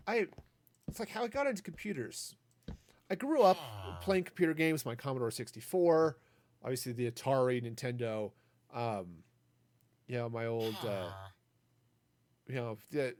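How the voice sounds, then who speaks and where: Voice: medium pitch, lively intonation, normal speed, long pauses, darkish tone. A gaming streamer in their forties chatting casually while playing, rambling into asides and silly puns.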